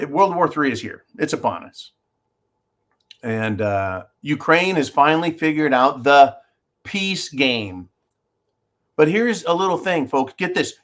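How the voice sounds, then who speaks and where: A man's voice: mid-range voice, fairly bright tone. A man hosting his own show, giving sarcastic, combative commentary straight to his viewers. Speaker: show host. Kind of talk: opinionated commentary.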